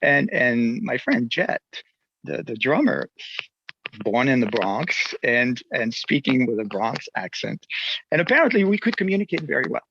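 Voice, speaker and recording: A musician with a French accent, telling stories in a casual interview, animated and laughing often. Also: male voice, mid-range voice, moderate pace, dull audio, noisy background. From near Geneva. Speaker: musician guest.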